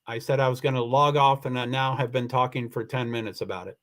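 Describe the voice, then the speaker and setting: A man's voice: medium pitch, steady tone, fast talker, a bit bright. A man hosting a livestream and answering viewer comments, rambling and upset, with many restarts, close to tears. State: emotional, near tears. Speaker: livestream host. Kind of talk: casual livestream chat reading comments. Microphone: computer mic for a live stream.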